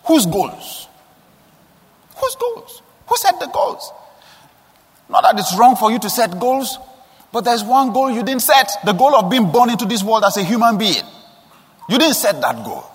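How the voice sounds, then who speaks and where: A man's voice: lively intonation, moderate pace, husky. Man preaching in a ringing hall. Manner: storytelling, with rhetorical questions and sudden high emphatic rises. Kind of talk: sermon.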